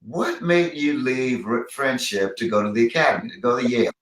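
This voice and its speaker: A man's voice: medium pitch, animated, fairly quick. A man hosting an interview, asking questions and giving short eager reactions. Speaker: podcast host. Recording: roomy and distant from the mic.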